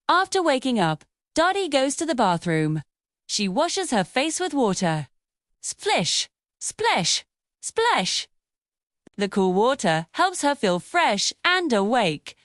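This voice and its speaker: A young woman telling a children's story and leading a listen-and-repeat English lesson in a slow, clear, cheerful and encouraging voice. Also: a little high, very animated, no echo, studio quality. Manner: cheerful, encouraging, sing-song. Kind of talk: slow, clear narration for beginner learners.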